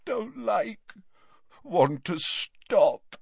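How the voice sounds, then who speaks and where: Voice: mid-range voice, very animated, very slow, vocal fry, darkish tone, slightly rough, dry recording, lo-fi sound, pitched above the performer's own voice, exaggerated voice. A reader voicing an old male wizard in agony, wailing, sobbing and begging in an audiobook. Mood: moaning. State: crying out in torment. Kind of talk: audiobook character voice.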